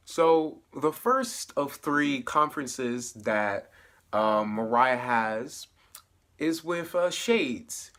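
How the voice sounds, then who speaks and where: A man giving a casual spoiler recap of a TV episode, animated, with laughing asides and acted-out quoted lines. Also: mid-range voice, takes it slowly. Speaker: TV show reviewer.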